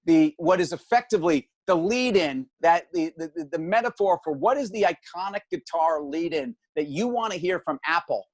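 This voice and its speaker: This is a man in his fifties with a fairly high voice, hosting a casual show. He tells stories with animation, slipping into the voices of the people in them. The sound is close and dry. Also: normal speed, few pauses, dry recording. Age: 50s. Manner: animated storyteller, acts out voices. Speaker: show host. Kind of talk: casual chat, storytelling.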